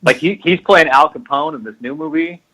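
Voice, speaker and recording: A man co-hosting a podcast in casual chat, profane and expressive, mimicking other people. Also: fairly high pitch, moderate pace, low-quality recording. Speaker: podcast co-host.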